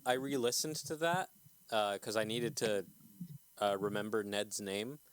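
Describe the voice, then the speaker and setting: Relaxed man running a tabletop game. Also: fairly low pitch, a little slow, no echo. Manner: relaxed, rambling, laughs easily. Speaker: game master.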